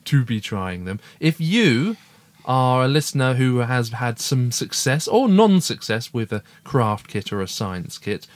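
Upbeat dad, dry close sound. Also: male voice, mid-range voice, big pitch swings, a little slow, no room sound. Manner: chatty, upbeat, reads listener emails aloud. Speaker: podcast co-host, father. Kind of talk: casual family podcast chat.

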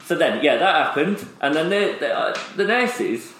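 A man's voice: a little high, expressive, normal speed, fairly bright tone, a little hiss or hum. A man chatting casually as a podcast co-host, rambling through a story with restarts and laughs. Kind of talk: casual chat. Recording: roomy echoey room.

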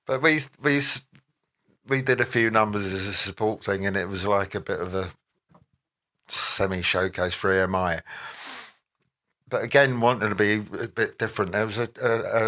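A man tells long, animated stories as an interview guest. His voice sits low but rings bright and forward. He wanders from one memory to the next and acts out what people said. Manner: rambling, animated anecdotes with quoted voices. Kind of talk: anecdotal storytelling.

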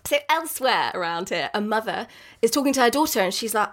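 A woman's voice: on the high side, animated, fast. A woman co-hosting a podcast, telling a story in casual chat, slangy and full of laughs. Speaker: podcast co-host.

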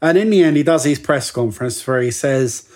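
A man in casual football chat, chatty and jokey, slipping into quick impressions of people. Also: mid-range voice, a little mellow. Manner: chatty, jokey, mimics people mid-story. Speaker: football podcast co-host.

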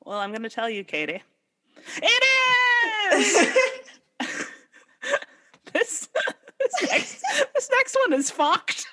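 A playful woman co-hosts a casual podcast, laughing her way through quiz questions. Her voice sits high and leaps widely in pitch. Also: wildly swooping pitch, slow, pauses often, bright, forceful tone. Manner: giggly, playful, laughs a lot. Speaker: podcast co-host.

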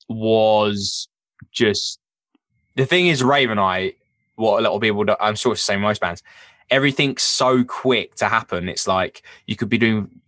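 Drummer telling lively road stories. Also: male voice, lowish voice, no echo. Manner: animated storyteller, swears freely, acts out quotes. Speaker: touring rock drummer, guest. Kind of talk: casual interview chat.

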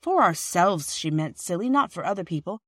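A woman's voice: fairly low pitch, big pitch swings, fairly quick, a bit bright, no room sound, clean studio sound. A woman voicing Peter, an eager, bossy young boy in a storybook reading.

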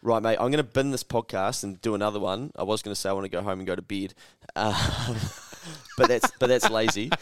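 Low-voiced, swearing New podcast host. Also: male voice, a little fast, few pauses, clear, resonant tone, no echo. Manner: swears a lot, animated storyteller. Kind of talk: casual podcast chat.

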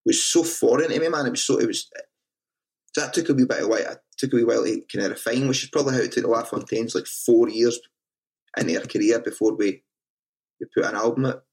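A man's voice: mid-range voice, quick pace, darkish tone. A Scottish man, a band frontman, telling stories in a casual interview, swearing freely and often restarting his sentences. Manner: swears freely, restarts a lot, self-mocking.

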